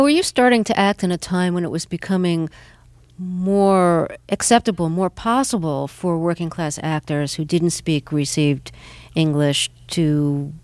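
A woman host leads the interview with curious, conversational questions. Her voice sits a little low for a woman, recorded dry and close. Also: moderate pace, darkish tone, no room sound. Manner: inquisitive, conversational. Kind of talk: radio interview.

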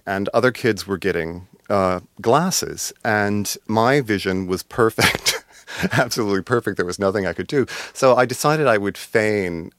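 A very low-voiced man with a put-on, refined British-tinged American accent reads from his memoir and then answers questions. His delivery is deliberate and noticeably artificial, broken by pauses and fillers when he speaks off the cuff. The sound is close and dry. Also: fairly bright tone, no room sound. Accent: affected refined British-tinged American. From United States. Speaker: memoir author, guest.

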